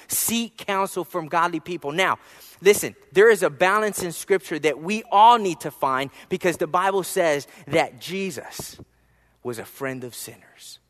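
Man, pastor, high voice, sermon, storytelling, soft asides, emphatic rises, echoing church hall.

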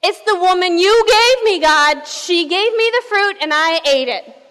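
Woman preacher playing a loud, defensive man pointing fingers, with echo from a hall. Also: extremely high pitch, animated, a little slow, pitched above the performer's own voice, full character voice. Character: defensive first man blaming others. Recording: reverberant hall.

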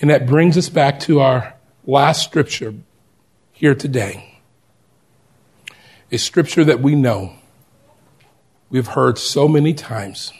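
A man preaching a sermon, telling a story and acting out the voices of the people in it, swinging from loud to hushed. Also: mid-range voice, takes it slowly, long pauses, husky.

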